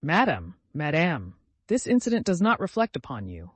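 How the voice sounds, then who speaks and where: A man voicing a pompous, self-righteous gentleman who speaks formally and condescendingly. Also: a little high, expressive, moderate pace, dry recording.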